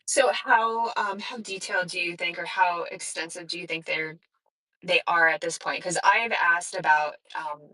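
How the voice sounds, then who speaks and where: A woman's voice: lowish voice, fairly even intonation, moderate pace, bright, forceful tone, low-quality recording. A woman in a casual discussion, asking questions hesitantly with frequent likes and ums.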